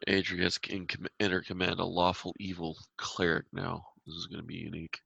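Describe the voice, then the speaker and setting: A man's voice: low voice, little pitch movement, fairly quick, creaky, bright, forceful tone, breathy edge, no echo. A man running a tabletop game as game master, narrating and teasing the players in a dry way. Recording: dull lo-fi recording.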